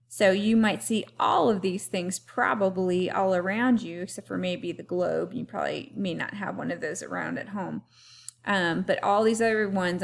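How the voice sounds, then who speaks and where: A woman teacher speaking to young children in an unhurried, deliberate way, spacing out her words. She has a middle-range voice and keeps stopping so the class can say words back after her. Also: medium pitch. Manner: slow, clearly paced teacher talk with call-and-repeat. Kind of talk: remote lesson for young children.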